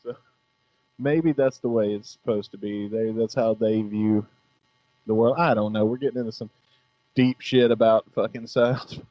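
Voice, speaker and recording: A man's voice: lowish voice, steady tone, moderate pace, dry recording, muffled recording. A middle-aged man hosting a casual podcast chat, laid-back and profane, laughing often. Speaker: podcast host.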